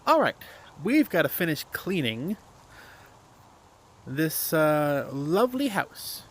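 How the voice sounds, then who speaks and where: A man's voice: on the high side, big pitch swings, slow. A man hosting a gaming channel, giving casual, rambling commentary full of hesitations and filler words while he plays. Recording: loud game pressure-washer noise behind voice. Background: loud pressure-washer spray hiss.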